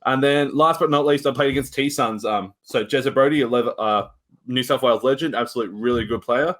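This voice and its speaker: A man's voice: mid-range voice, a little fast, fairly bright tone. A man, co-hosting a podcast and recapping his games in casual, rambling chat with shrugging asides. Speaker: podcast co-host.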